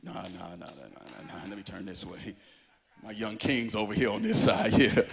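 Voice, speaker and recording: A man's voice: on the low side, animated, normal speed, gravelly, husky. A man preaching a sermon to a live congregation, repeating lines and breaking into a sung, whooping cadence. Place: church sanctuary before a live congregation.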